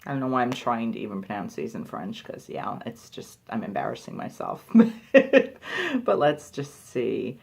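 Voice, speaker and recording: A woman's voice: rumbling low, lively intonation, moderate pace, vocal fry, hardly any pauses, breathy edge. A woman talking casually to camera as she tries and reviews lip balms, thinking aloud and poking fun at herself. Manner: chatty, thinking aloud, self-deprecating. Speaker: beauty reviewer. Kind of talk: product review vlog.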